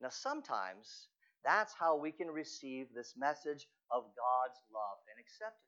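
Guy preaching a sermon, bright forceful voice, kinda lo-fi dull sound, chatty storytelling. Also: mid-range voice, big pitch swings, a little slow. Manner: storytelling, conversational with rhetorical questions. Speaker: pastor.

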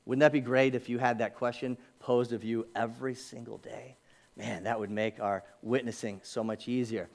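A man's voice: medium pitch, little pitch movement, moderate pace, gravelly. A man preaching a sermon as pastor of his church, talking conversationally with asides and rhetorical questions. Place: church sanctuary.

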